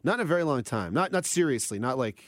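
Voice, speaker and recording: A man's voice: mid-range voice, big pitch swings, quick pace, no room sound. A man co-hosting a casual radio chat in a studio, hesitant and self-deprecating, often laughing. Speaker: radio co-host. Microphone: studio microphone.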